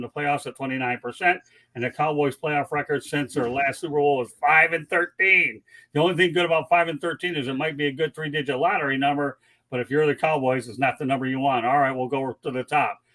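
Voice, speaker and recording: A man with a raspy voice hosting a sports talk show, reading out stats and joking with his panel. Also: on the high side, bright, forceful tone, poor audio. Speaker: host.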